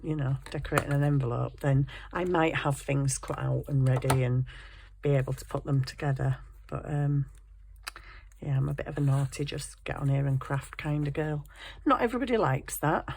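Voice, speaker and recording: A woman's voice: deep voice, vocal fry, darkish tone, a little hiss or hum. A woman chatting casually and rambling cheerfully about her craft project at her home desk. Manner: rambling, self-deprecating, chatty. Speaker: craft vlogger.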